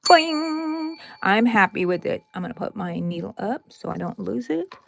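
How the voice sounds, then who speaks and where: A woman's voice: lowish voice, steady tone, a little fast, gravelly, fairly bright tone, dry recording. A woman hosting a casual crochet tutorial, chatty and playful, who talks viewers through each step with little asides and exclamations.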